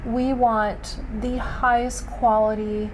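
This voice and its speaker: Measured, thoughtful woman guest. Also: a little high, flat delivery, slight background noise. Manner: measured and thoughtful, slow and careful. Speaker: yarn dyer, interview guest. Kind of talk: casual interview chat.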